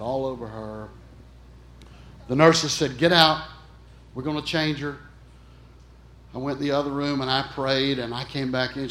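Preacher guy telling a story in his sermon, earnest, kinda high voice. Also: a bit bright. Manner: earnest, emphatic, addresses the congregation directly. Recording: echoey room.

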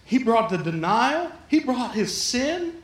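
A man preaching a sermon, his voice pitched very high for a man. He talks lively and jokey, slipping into the voices of the people in his story. The sound rings in a roomy church hall. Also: slow pace. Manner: lively, jokey, acts out the quotes. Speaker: pastor.

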